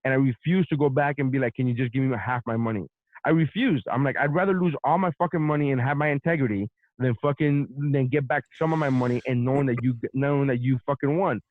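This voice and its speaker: A man's voice: medium pitch, fast, no room sound. A man rants through a long story with plenty of swearing, like a host holding the floor. His voice comes through narrow and phone-like. There is little room sound around it. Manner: profane, animated storytelling. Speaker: podcast host. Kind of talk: casual storytelling rant.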